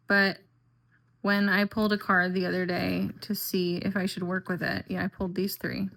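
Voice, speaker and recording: A woman's voice: lowish voice, level tone, normal speed, gravelly, a bit bright. A woman vlogging in a chatty, rambling way, talking casually and filling her sentences with "um" and "like". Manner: chatty and rambling, with frequent fillers and "like". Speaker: tarot and oracle deck vlogger. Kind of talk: casual chat.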